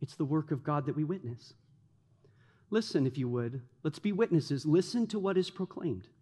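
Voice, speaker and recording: A man preaching a sermon as a pastor, telling stories in an animated way and leaning on "like" as a filler. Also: a little high, moderate pace, husky. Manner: animated storytelling, many fillers like "like". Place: church sanctuary. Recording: long hall reverb.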